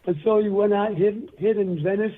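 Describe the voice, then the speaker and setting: A man's voice: high voice, steady tone, normal speed. An older man from England, a guest telling rambling stories in an interview, recorded over a phone line. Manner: rambling anecdotal storyteller. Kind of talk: storytelling interview.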